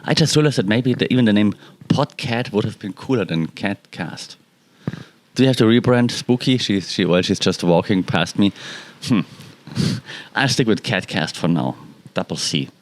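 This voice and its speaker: A man's voice: fairly low pitch, normal speed. A man hosting a casual solo podcast from his balcony, rambling and stopping to talk to his cats. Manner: relaxed, rambling, talks to his cats mid-sentence. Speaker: podcast host and cat owner. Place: balcony at home.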